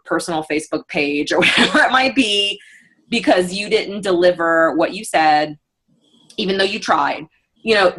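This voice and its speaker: A woman giving a casual customer care training on a video call, chatty and full of fillers, acting out customer messages. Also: lowish voice. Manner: chatty, many fillers, acts out customer quotes. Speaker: book sales consultant leading a team training.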